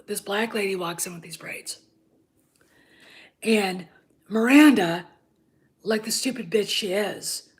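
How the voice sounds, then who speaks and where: A woman in her fifties hosting her own channel, ranting about a TV show, sarcastic and profane, often dropping into a hushed whisper and pressing her points with "okay?". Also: mid-range voice. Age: 50s. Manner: emphatic, repeats "okay?" for emphasis. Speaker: channel host and TV critic. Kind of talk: ranting commentary.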